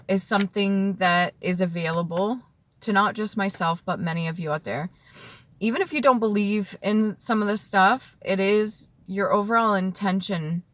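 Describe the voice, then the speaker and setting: A woman in her thirties telling an emotional personal story to the camera, tearful and heartfelt, dropping at times to a soft whisper. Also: on the low side. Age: 30s. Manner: tearful and heartfelt, drifting between soft whispers and earnest talk. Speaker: vlogger.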